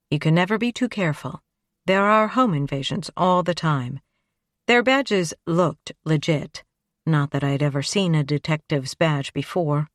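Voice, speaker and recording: A woman's voice: sits low, no echo. A woman narrating a first-person crime audiobook in a wry, conversational manner on a close studio mic.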